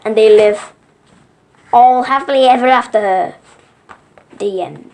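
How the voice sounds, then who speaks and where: A woman reading a children's book aloud, slow and halting, with small slips. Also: fairly high pitch, darkish tone. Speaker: reader.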